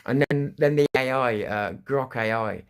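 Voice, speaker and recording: Gravelly man rambling on a livestream. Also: medium pitch, unhurried. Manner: rambling, restarts sentences, swears freely. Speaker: livestream news host. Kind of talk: casual live-stream monologue.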